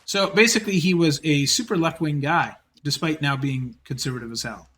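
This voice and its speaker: Man, fairly high voice, bright and sharp, reading aloud on stream, casual asides. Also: a little hiss or hum. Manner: quick chatty reading with many fillers and restarts.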